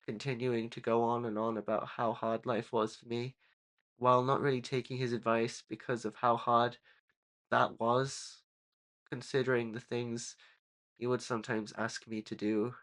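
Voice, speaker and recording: A young man in his late teens telling a personal story in a video, hesitant and apologetic, with halting restarts. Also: medium pitch, a bit bright. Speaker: YouTuber.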